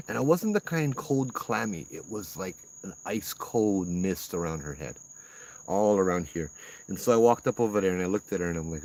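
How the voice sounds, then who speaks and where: A man's voice: low-pitched, brisk, poor audio. A man with a Hawaiian Pidgin accent, a ghost tour guide telling a ghost story in a laid-back, rambling way. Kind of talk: casual spoken ghost story.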